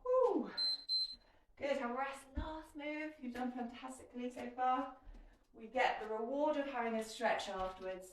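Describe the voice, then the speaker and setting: A woman's voice: high-pitched, moderate pace, slight background noise. A woman leading a kettlebell workout as fitness instructor, giving chatty, encouraging cues. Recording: echoey room, mic at a distance.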